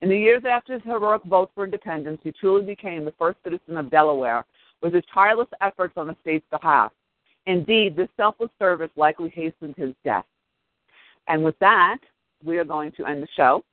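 A man with a slightly high voice speaks in an emphatic, impassioned way, reading history and rallying his listeners. The sound is dry and thin, like a phone call. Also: expressive, fairly quick, no echo. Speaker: podcast co-host. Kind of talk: reading history and plugging a podcast. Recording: dry, tinny phone line.

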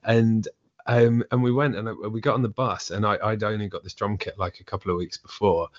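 A man's voice: on the low side, flat delivery, a little fast, lo-fi sound. A man from England, near Essex, with an English accent, chatting loosely as a podcast guest and rambling with lots of restarts. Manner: rambling, frequent restarts and filler "like". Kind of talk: casual storytelling chat.

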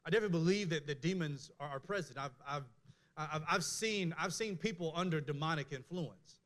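A man with a fairly high voice preaches in a loose, conversational way. He is candid and animated, and often restarts his sentences as he talks. He sounds middle-aged. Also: fairly quick. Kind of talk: conversational sermon.

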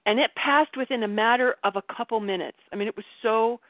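A woman leading a casual group call, animated and self-mocking, laughing often as she talks. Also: on the high side, quick pace, no room sound. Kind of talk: casual group coaching chat. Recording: tinny phone line, dry.

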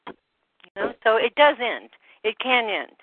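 A woman on a group phone call, slightly out of breath, talking in a halting way that trails off with many fillers. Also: on the high side, big pitch swings, no echo. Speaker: call participant. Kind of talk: rambling phone call chat. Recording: dry phone-line audio.

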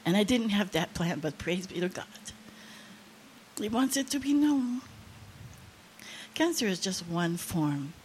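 A woman's voice: mid-range voice, animated, measured pace, pauses often, a little mellow. Older woman preacher, impassioned testimony, rising emphasis, faint noise behind. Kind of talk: sermon.

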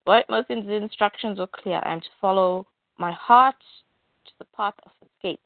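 A woman's voice: medium pitch, normal speed, dry recording, close to an everyday voice. A woman doing a solemn warrior heroine. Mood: resolute. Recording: tinny phone-like dry sound.

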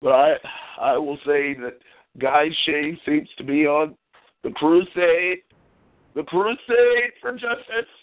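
A high-voiced man hosts a call-in talk show and rants in exasperation, his pitch jumping up and dropping low. The sound is thin and tinny, like a phone line. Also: slow pace.

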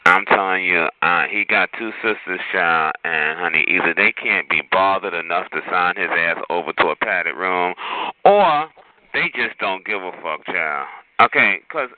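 A man's voice: low voice, moderate pace. A man hosting a phone chat line, mocking a caller with campy taunts and calling him child and honey. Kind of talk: sassy mocking roast. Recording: tinny phone line with hiss.

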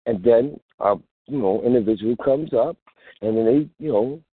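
Husky-voiced man preaching over a phone line. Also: medium pitch, normal speed, no room sound. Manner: preachy street-talk, acts out phone calls. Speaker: host. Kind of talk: casual call-in show monologue. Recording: tinny phone-line sound.

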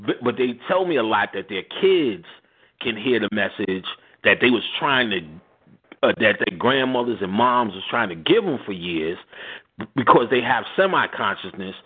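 Man, middle-aged, radio host, husky voice, lively pitch, profane storytelling, laughs a lot, phone-line sound. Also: normal speed. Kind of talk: casual storytelling chat.

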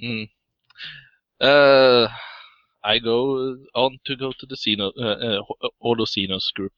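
A male tabletop player who speaks for his character in first person, halting and full of uhs. His voice sits at an ordinary middle pitch. The sound is dry and dull, like a lo-fi voice chat. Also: steady tone, no echo. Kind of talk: casual tabletop game role-play.

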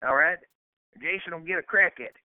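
A man runs a music quiz on a podcast, joking, with hesitant drawn-out patter. His voice sits a bit high. The sound is dry and thin like a phone line. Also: no room sound. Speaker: podcast host. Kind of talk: casual chat, game-show hosting.

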